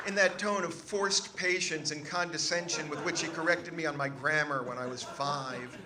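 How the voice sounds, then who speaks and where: Man, comedic storyteller, dry wry delivery, fairly high voice, live audience laughing. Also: fairly even intonation, moderate pace, a crowd in the background. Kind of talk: stand-up storytelling.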